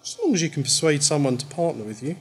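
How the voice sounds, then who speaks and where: A man's voice: a little high, very animated, quick pace, breathy edge, full character voice. A man putting on a bold, teasing young woman. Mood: coaxing. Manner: teasing, persuasive. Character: confident young woman from outside.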